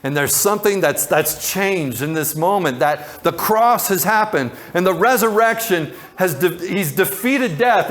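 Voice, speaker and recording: A man's voice: sits high, lively intonation, unhurried, hardly any pauses, a bit bright. A man who is a pastor, preaching a sermon in a loose, conversational way with tangents and repeated words.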